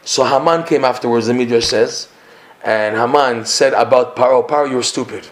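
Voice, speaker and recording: A man teaching a live Torah lesson to listeners in a room, telling stories in an animated way with asides and laughs. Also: medium pitch, normal speed. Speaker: rabbi teaching a class. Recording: echoey room with faint hiss.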